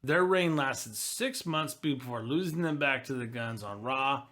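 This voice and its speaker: A man's voice: mid-range voice, animated, unhurried, a bit bright. A man co-hosting a casual wrestling podcast, reading through history notes and adding wry asides. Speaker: podcast co-host.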